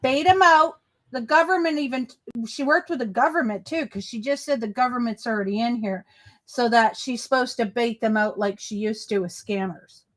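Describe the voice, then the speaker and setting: A woman's voice: on the high side, moderate pace. A woman hosting a casual reaction commentary, chatting loosely, swearing freely and answering viewer comments. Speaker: commentary channel host.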